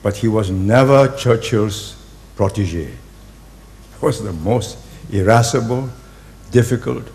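A man, giving a public speech in deliberate, halting phrases and hitting key words hard. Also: on the low side, creaky, a little mellow. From Singapore. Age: 80s. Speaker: invited speaker.

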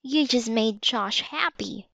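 A woman's voice: fairly high pitch, slow pace, creaky, bright, forceful tone, no room sound, heavily acted. A woman reading the lines of an insistent, suspicious young boy in a storybook. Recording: slightly dull lo-fi recording.

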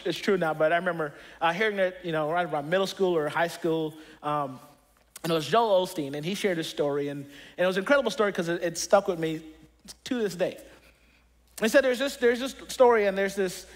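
A pastor preaching a conversational sermon, earnest and personal, often restarting his sentences as he tells stories. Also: high voice.

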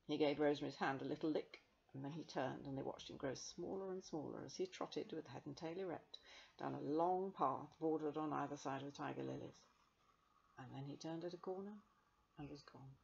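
A woman reading a children's novel aloud in a gentle, measured storytelling manner. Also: deep voice, vocal fry, husky, muffled recording. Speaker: reader.

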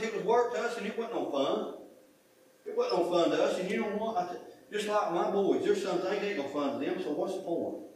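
A middle-aged pastor preaching in a folksy, conversational way and circling back on his points. His voice sits a little high for a man. It is caught from a distant mic in a very echoey church sanctuary with a faint hiss underneath. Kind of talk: sermon.

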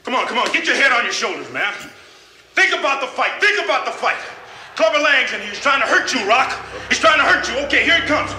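An actor playing an intense male boxing trainer who shouts urgent commands at his fighter in a film scene. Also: extremely high pitch, very animated, fast talker, a little hiss or hum, heavily acted. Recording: echoey film clip under music.

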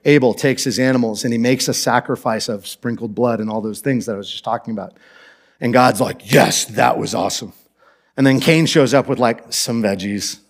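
A male pastor delivers his sermon in a relaxed, chatty storytelling manner. His voice sits at an ordinary middle pitch, and he tosses in light, playful asides as he retells the story. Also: fairly quick. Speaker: co-lead pastor.

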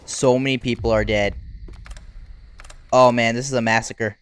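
A gaming YouTuber giving unedited play-by-play commentary, talking in casual slang and reacting loudly to what happens on screen. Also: medium pitch, normal speed, smooth. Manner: excitable, reacts loudly to game events; casual slang-filled chatter. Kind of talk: unedited live gameplay commentary.

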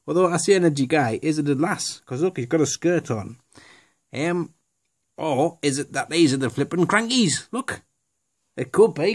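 A man's voice: a little high, animated, moderate pace. A man chatting casually through a toy unboxing, jokey and rambling, with lots of fillers and asides. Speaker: toy reviewer.

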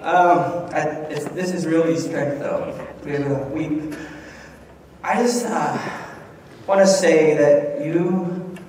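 A man, a pastor, speaking off the cuff in a halting way, fighting back tears during a farewell in a church hall. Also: on the high side, steady tone, a little mellow. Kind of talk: unscripted farewell speech. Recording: echoey hall from far off, faint noise.

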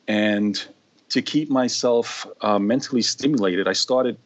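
A man's voice: on the low side, a little slow. A middle-aged man with a New York accent, chatting as a guest on a podcast, rambling with many fillers and restarts. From New York, USA. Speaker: guest occupational therapist. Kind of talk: casual interview chat. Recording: dull lo-fi sound.

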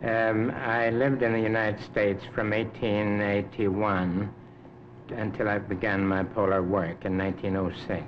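Older man answering slowly on a hissy 1950s recording. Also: on the low side, level tone. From Canada. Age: 70s. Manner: measured, unhurried, many hesitations. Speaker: interview guest, Arctic explorer. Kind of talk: unscripted interview answers. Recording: dull lo-fi 1950s recording with clear hiss.

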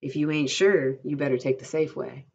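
Brief: woman reading an old ranch hand, quiet and plain, low voice, muffled sound. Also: steady tone, moderate pace, gravelly, a little hiss or hum. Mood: worried. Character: old one-handed ranch swamper, man.

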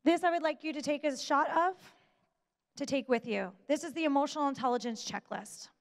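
High-voiced woman speaking in a reverberant hall. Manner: emphatic, slow deliberate delivery with pauses. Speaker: motivational speaker. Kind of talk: motivational talk to an audience. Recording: long reverb of a large hall.

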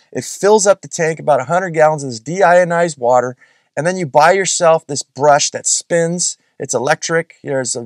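A man's voice: a little high, no room sound, studio quality. A man hosting a solo podcast, talking casually and frankly, rambling with restarts and the odd swear word. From California. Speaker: podcast host.

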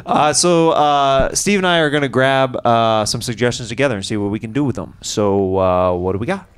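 A man's voice: mid-range voice, normal speed, clear, resonant tone. A male comedian co-hosting on a club stage, riffing in playful stand-up banter.

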